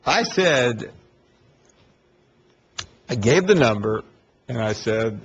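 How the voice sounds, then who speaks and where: A man's voice: medium pitch, expressive, slow pace, pauses often, fairly bright tone, breathy edge, lo-fi sound. A man hosting a call-in sports radio show, defensive and wry, who stammers and restarts often. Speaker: radio talk show host.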